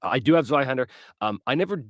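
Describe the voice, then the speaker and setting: That same livestream host and game master keeps chatting and answering viewer questions, full of fillers. Here he's medium-pitched, animated and fast-talking, with a dry, clean studio sound from his webcam livestream setup.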